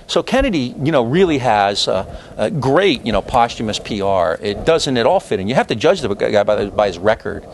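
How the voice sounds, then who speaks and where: A man teaches a history class, talking loosely and digressing with plenty of fillers. His pitch moves a lot as he lectures. Faint room noise sits behind him. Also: normal speed. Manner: animated, digressive, many fillers and asides.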